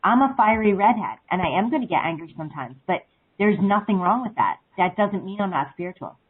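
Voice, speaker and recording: A woman's voice: mid-range voice, expressive, a little fast, breathy edge. A woman calling into a spiritual talk show, chatting in a rambling way full of "like" and "um". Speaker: caller. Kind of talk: casual phone-in chat. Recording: phone line.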